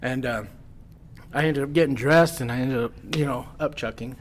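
A man guest on a podcast telling a wild story casually, animated and swearing freely as he acts out what others said. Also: mid-range voice, normal speed.

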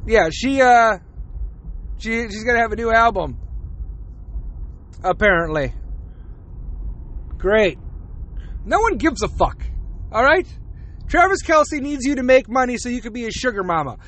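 A man's voice: very high-pitched, very animated, unhurried, long pauses, fairly bright tone. A man hosting a podcast, ranting in a casual, profane monologue and laughing between rants. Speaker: podcast host.

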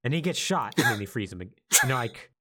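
A man co-hosting a podcast, retelling a game's story in a loose, animated way and acting out the lines of its characters. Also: medium pitch, fast. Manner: animated storytelling, acts out quotes. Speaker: podcast co-host. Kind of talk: casual podcast chat.

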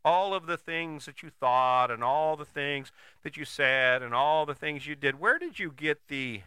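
A man's voice: on the high side, a little slow, pushed and bright, clear, resonant tone, dry recording, clean studio sound. A man giving a blunt, profane, emphatic motivational monologue, full of rhetorical questions and restarts.

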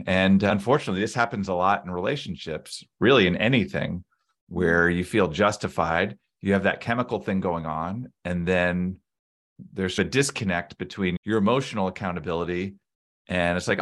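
A man's voice: low voice, normal speed, a bit bright. A man co-hosting a casual podcast chat, reflective and explaining his ideas with everyday examples.

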